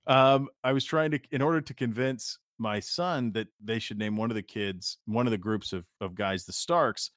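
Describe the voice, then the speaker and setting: Another man co-hosting a podcast wanders through stories in relaxed chat, swearing mildly along the way. He has a medium-pitched, fairly bright voice and keeps a moderate pace with hardly any pauses, captured in a dry, clean studio recording.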